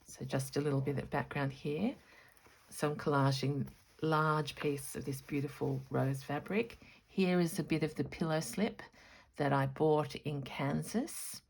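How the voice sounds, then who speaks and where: Woman vlogger, gravelly and unhurried, chatty and excitable show-and-tell. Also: deep voice. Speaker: stitching vlogger. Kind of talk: casual show-and-tell vlog.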